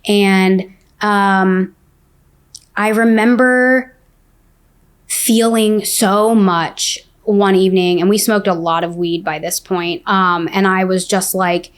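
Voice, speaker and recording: Woman, podcast guest, mid-pitched, casual and candid storyteller with lots of "like.". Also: fairly even intonation, slow, smooth. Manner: candid, says "like" often.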